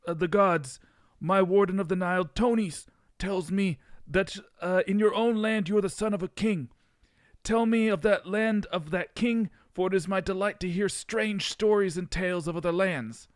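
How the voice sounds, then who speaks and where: A man's voice: high voice, unhurried, dry recording, pitched above the performer's own voice. A man voicing a stately, curious old pharaoh king, using a put-on accent that he calls terrible. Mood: grand. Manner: grand, formal, welcoming speech.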